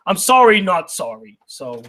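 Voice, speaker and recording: A man's voice: high-pitched, sing-song, unhurried, pushed and bright. A young man reading out viewer mail on his channel and ranting at it, indignant and argumentative, firing rhetorical questions. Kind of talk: heated ranting commentary.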